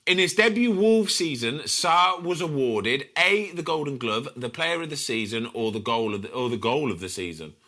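Excitable bright-voiced host. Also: male voice, medium pitch, normal speed, few pauses. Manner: excitable, chatty, British slang. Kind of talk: casual football chat.

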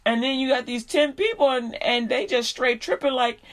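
A woman's voice: a little high, a little fast, hardly any pauses. A woman preaching a sermon, reading scripture aloud and then explaining it in casual street slang.

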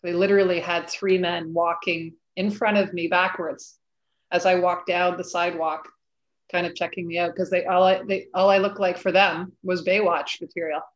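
A woman's voice: lowish voice, little pitch movement, normal speed, highs cut off. A woman author speaking as a guest in a casual interview, earnest and thoughtful, with frequent fillers.

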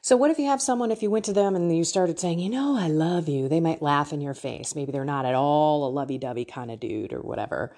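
Middle-aged woman podcast host: husky, expressive, openly emotional as she teaches on faith. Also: deep voice, a little fast, hardly any pauses. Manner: emotional, candid, laughs often. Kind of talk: personal faith teaching to listeners.

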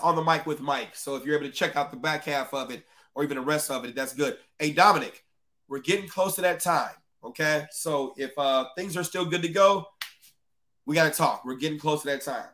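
Man hosting a live podcast, fairly high voice, emphatic, repeats himself for stress, talks to his chat. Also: fairly quick, fairly bright tone. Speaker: podcast host. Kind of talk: live-streamed commentary talk.

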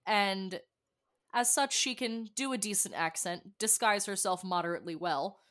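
A bubbly woman player describes her character's moves with theatrical relish and talks directly to the listeners. Her voice sits at an ordinary middle pitch. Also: normal speed, fairly bright tone. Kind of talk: tabletop game player chat.

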